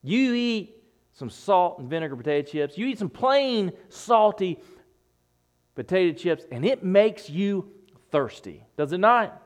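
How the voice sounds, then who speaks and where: A man's voice: sits high, very animated, unhurried. A man preaching a sermon, emphatic, repeating phrases and dropping his voice for effect.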